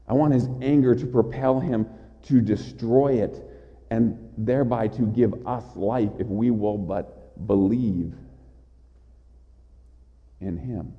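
Impassioned preacher in a reverberant hall. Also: male voice, lowish voice, takes it slowly, pauses often. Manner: impassioned, with repeated stammered restarts. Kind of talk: sermon. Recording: dull sound in a large reverberant hall.

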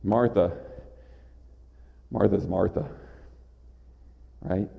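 A man's voice: low-pitched, fairly even intonation, extremely slow, gravelly. A man preaching a sermon with passion, often stammering over his words as he builds up. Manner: impassioned, with repeated stammered restarts. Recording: dull sound in a large reverberant hall.

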